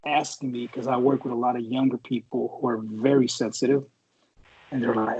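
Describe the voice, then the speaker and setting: Husky, profane Marine veteran man. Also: medium pitch, steady tone, fairly quick, highs cut off. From San Francisco Bay Area. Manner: profane and rambling, full of fillers and restarts. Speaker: podcast co-host, Marine veteran. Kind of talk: casual storytelling chat.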